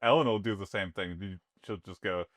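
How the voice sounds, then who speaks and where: A young man co-hosting a comedy podcast, chatting casually and playfully, quick to leap to dark jokes. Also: low voice, no echo.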